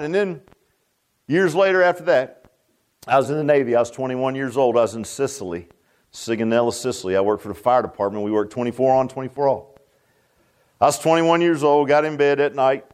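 Folksy preacher man telling stories. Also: a little high. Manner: folksy storytelling, swings from loud to hushed. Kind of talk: sermon testimony.

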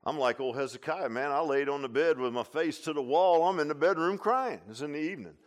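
An older man preaching a sermon in a folksy, animated way, dropping from quiet asides to loud exclamations and tossing in "huh?" and "man.". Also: fairly high pitch, fairly quick. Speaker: pastor.

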